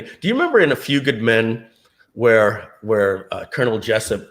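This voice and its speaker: A man's voice: fairly low pitch, sing-song, normal speed, a bit bright. A middle-aged man telling a personal story to an audience, acting out what other people said in their own voices. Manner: acts out other people's lines in quoted voices.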